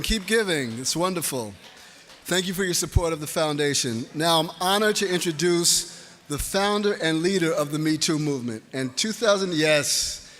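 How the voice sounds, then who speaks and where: Man hosting a gala, highish voice, upbeat, echoey hall with a bit of noise. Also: fairly bright tone. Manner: upbeat, encouraging. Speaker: gala host. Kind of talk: emcee introduction.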